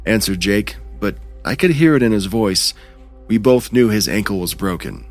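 A man narrating a first-person horror story in a measured, tense way. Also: on the low side, sing-song, soft background music.

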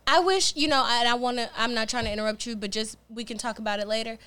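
High-voiced woman comedy co-host. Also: fairly even intonation, quick pace, a bit bright, clear, resonant tone. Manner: blunt, swearing, breaks into laughter. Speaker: podcast co-host. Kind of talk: casual comedic chat. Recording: faint background noise.

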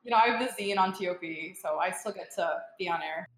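A woman's voice: fairly low pitch, fast, a bit bright. Chatty young woman in an echoey room. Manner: chatty storytelling with frequent fillers. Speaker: guest. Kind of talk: casual chat.

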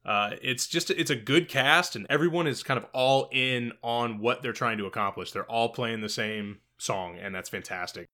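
A man co-hosting a casual podcast about a movie, animated and profane, laughing often. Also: medium pitch, moderate pace, few pauses. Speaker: podcast co-host. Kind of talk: casual film discussion.

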